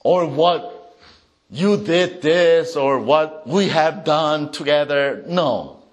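A man preaching a sermon as a pastor, reading scripture aloud with emphasis and swinging between loud proclamation and soft asides. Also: fairly high pitch, drawn-out words.

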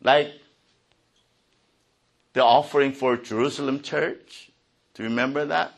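A man preaching a sermon, reading scripture aloud and explaining it, rising for the readings and dropping low for his asides. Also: steady tone, a little slow, creaky. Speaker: pastor.

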